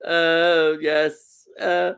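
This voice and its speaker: Man, higher voice, unhurried, reading chat comments, lots of ums. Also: flat delivery, gravelly, a bit bright, clean tone. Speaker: co-host reading viewer comments. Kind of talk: casual live-stream chat.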